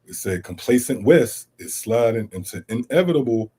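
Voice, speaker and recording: Man teaching from scripture, middle-aged, husky voice, mellow dark tone, emphatic, rhetorical questions, casual asides. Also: mid-range voice, animated, normal speed. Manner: reads scripture aloud, then explains it emphatically with rhetorical questions; casual street-inflected speech with "man" and "see?". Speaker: Bible teacher. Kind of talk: scripture teaching streamed online.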